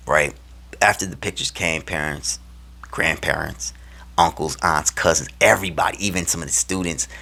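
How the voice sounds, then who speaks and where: A man casually telling a personal story to camera, animated and slangy, acting out the lines he and others said. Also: low voice, husky. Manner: animated, acts out his own and others' quoted lines; slangy, loose phrasing with many fillers.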